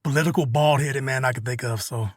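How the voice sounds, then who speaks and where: A man with a husky voice chimes in on a casual podcast with short, dry jokes. He talks at a middling pitch, and the recording sounds very dry and close. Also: quick pace, no room sound. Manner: dry, joking short interjections. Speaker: podcast co-host.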